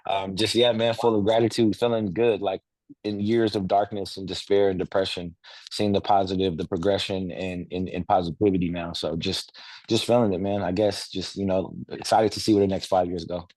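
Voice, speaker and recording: Man, 30s, deep and monotone, dry close sound, loose rambling delivery on a video call. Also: brisk, no echo. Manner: rambling, with many filler phrases and some swearing. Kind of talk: casual personal sharing.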